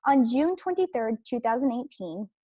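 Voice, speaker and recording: Speaking at normal speed with big pitch swings, a young woman podcast host gives an emphatic opinion monologue in a slightly high but dark-toned voice. She repeats herself and restarts with fillers. The recording is close, dry, and muffled, with no room sound.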